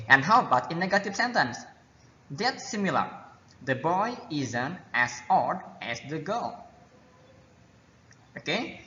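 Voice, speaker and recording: A man's voice: a little high, bright, forceful tone, a little hiss or hum. A man teaching an English grammar lesson, repeating key words and often checking with "okay?". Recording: echoey hall, dull lo-fi sound.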